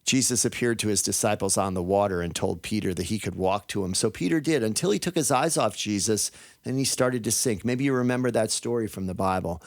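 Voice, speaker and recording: A male podcast host, a father of four, reading scripted faith narration in a gentle storytelling manner. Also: on the low side, brisk, no room sound. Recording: dry studio voice with soft music behind.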